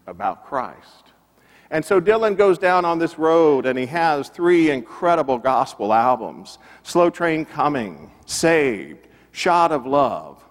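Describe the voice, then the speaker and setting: Emphatic preacher in a reverberant church. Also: male voice, fairly high pitch. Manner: emphatic, building repetition. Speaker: pastor. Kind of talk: sermon. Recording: long reverb of a church hall.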